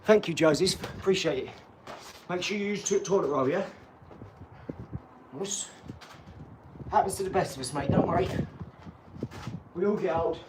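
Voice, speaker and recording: On his live stream, a channel host in his 40s chats and brags cheerfully, wandering between topics, offering boxing tips and laughing at himself. His slightly high voice moves at normal speed with frequent pauses, over a faint background hum.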